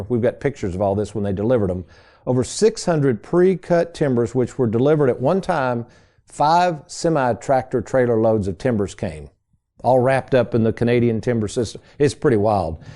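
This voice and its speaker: Folksy mellow-voiced man radio host. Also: medium pitch. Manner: folksy, addresses listeners as folks. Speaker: radio show host and financial advisor. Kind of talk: casual storytelling radio talk.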